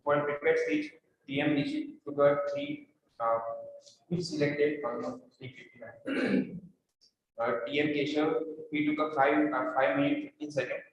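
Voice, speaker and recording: A man reading out a time report at a meeting, quiet and halting, over a video call. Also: fairly high pitch, animated. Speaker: meeting timekeeper. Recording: echoey, distant and muffled.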